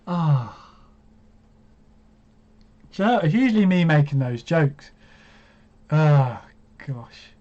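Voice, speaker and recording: Man, 25, stream host; casual, self-mocking chatter, slightly high pitch, muffled lo-fi sound. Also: animated, slow, pauses often, warm tone. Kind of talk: casual live stream chat. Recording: dull lo-fi stream audio.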